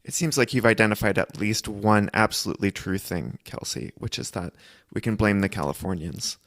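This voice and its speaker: A man hosting an interview, asking measured, thoughtful questions. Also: fairly low pitch, fairly bright tone. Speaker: podcast host, interviewer. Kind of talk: casual interview.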